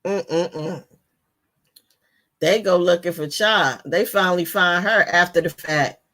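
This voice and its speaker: A woman's voice: lowish voice, slow, fairly bright tone. Woman host, leisurely, laughing, slangy live book chat.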